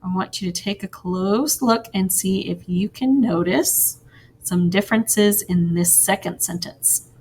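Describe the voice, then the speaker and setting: A woman teacher giving a recorded grammar lesson to young children, slow and sing-song, with soft encouraging asides. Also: mid-range voice, a little hiss or hum.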